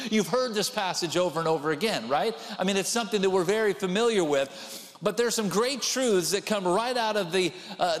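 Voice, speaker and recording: A man with a high voice delivers a sermon, chatting with the congregation and circling back to repeat his main lines. His voice rings out with a long reverb, as if filling a large church sanctuary. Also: fairly bright tone. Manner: conversational preaching with repeated emphatic phrases. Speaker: pastor.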